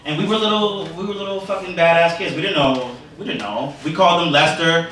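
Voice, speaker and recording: Brief: New York-accented male comic, streetwise and profane, a bit high, distant mic in a noisy club. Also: fairly quick, fairly bright tone, heavy reverb. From Brooklyn, New York. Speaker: stand-up comedian. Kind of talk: stand-up comedy. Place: comedy club stage.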